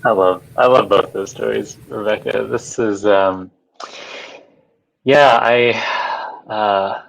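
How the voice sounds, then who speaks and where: A man reflecting out loud in a halting, musing way, full of fillers. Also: on the low side, fairly even intonation, vocal fry, a little hiss or hum. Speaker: panel speaker. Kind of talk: reflective casual talk. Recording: dull lo-fi audio.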